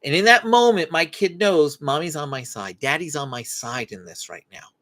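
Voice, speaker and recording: Lively faith-based parenting coach, a man. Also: a little high, normal speed. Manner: animated, acts out parent and child lines in dialogue. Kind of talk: live-stream parenting advice talk.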